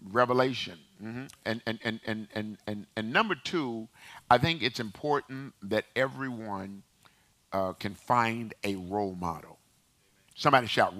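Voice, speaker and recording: A man's voice: fairly low pitch, normal speed, pushed and bright. A man in his sixties, a pastor preaching a sermon, calling on the congregation to repeat phrases after him and repeating words as he builds a point.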